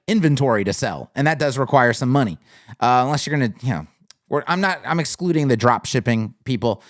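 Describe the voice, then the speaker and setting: Man, from the US, live-stream host, casual rambling, somewhat high voice, dry room. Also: no room sound. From United States. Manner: conversational, with frequent fillers and repeated phrases. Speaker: livestream host. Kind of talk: casual live-stream talk reading chat.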